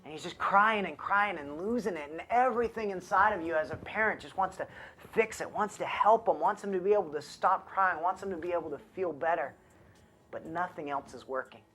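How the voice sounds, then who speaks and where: Earnest young dad preaching at home. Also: male voice, high-pitched, brisk, sharp tone, soft background music. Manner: earnest, conversational, grows impassioned. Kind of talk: devotional talk to camera. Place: child's bedroom at home.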